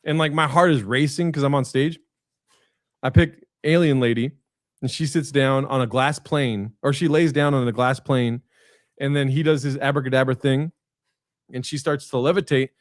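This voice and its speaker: A man at an ordinary, middle pitch spins a long, meandering anecdote over a video call, peppered with "like," "um" and casual swearing. His voice sounds close and dry. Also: moderate pace, no room sound. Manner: rambling anecdotes with frequent fillers and profanity. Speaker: guest comedian. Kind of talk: casual storytelling chat.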